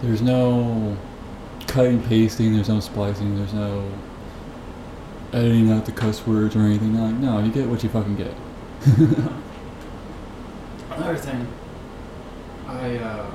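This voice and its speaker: A male podcast host talks at a moderate pace in a fairly low voice with little pitch movement and long pauses. He tells a story as a profane, rambling rant of disbelief, recorded on a podcast mic in an echoey room with background noise.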